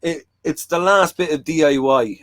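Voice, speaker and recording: A man's voice: fairly high pitch, moderate pace, a bit bright, dry recording. A man hosting a talk show, chatting frankly and rambling with lots of "like" and "you know". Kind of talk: casual chat.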